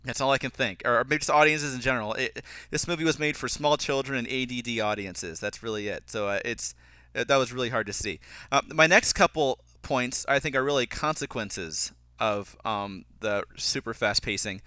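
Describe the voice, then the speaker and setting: A young man giving a casual, critical film commentary, animated and mocking characters' lines as he goes. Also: medium pitch, normal speed, clean tone, no echo. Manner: animated, mocking voices when quoting characters. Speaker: film reviewer.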